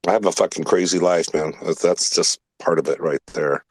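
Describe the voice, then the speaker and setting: Low-voiced guy rambling through a story, swears a lot, dry close sound. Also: fairly even intonation, normal speed, darkish tone, no echo. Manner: rambling, profane, emphatic storyteller. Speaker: podcast host. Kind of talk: casual storytelling chat.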